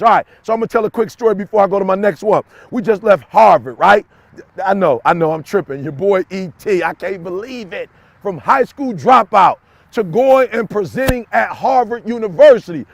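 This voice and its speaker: A man giving an emphatic, repetitive motivational talk straight to the listener, breaking into shouts and folksy asides. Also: high-pitched, no echo. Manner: folksy, addresses listener directly. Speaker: motivational speaker.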